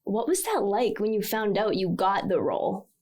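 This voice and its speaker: A woman's voice: medium pitch, expressive, moderate pace, a little mellow. A woman interviewing a guest in casual chat, affirming him often with short agreements.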